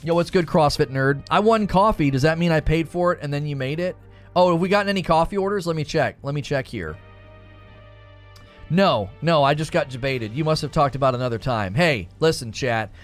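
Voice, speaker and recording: Male streamer, fairly high voice, combative and animated, faint background music. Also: brisk. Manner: argumentative, animated, answers chat directly. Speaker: gaming streamer, talk show host. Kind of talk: live-stream chat talk.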